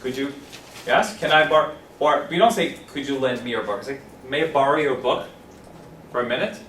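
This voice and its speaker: A man teaching an English class, animated, repeating phrases slowly and clearly for his students. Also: mid-range voice, slight background noise. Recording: roomy classroom from a distance.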